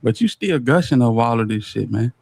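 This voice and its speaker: A man with a Southern US accent, reacting on a live stream in casual, slang-heavy commentary, animated and exasperated. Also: medium pitch, fairly quick, vocal fry, husky, no echo. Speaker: streamer reacting to a court case.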